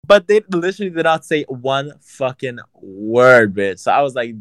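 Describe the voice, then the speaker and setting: A man in casual chat, telling a story in an animated, profane and sassy way. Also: mid-range voice, moderate pace, few pauses, no echo.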